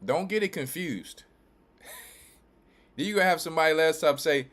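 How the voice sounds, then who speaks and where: A man from Louisiana and Texas, a church elder and pastor, giving emphatic, repetitive preaching commentary with quick restarts. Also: fairly high pitch, animated, fairly bright tone.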